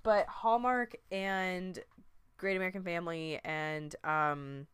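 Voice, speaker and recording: A woman's voice: lowish voice, slow, clear, resonant tone, no echo. A woman co-hosting a podcast, chatting casually about a movie and acting out little quotes. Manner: chatty, animated, lots of fillers and acted-out quotes. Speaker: podcast co-host. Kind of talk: casual chat reviewing a movie.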